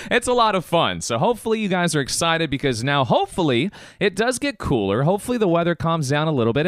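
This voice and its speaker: A man hosting a podcast in a casual monologue, theatrical and hyped, breaking into sung and shouted bursts. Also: sits high, smooth, no room sound, clean studio sound. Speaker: podcast host.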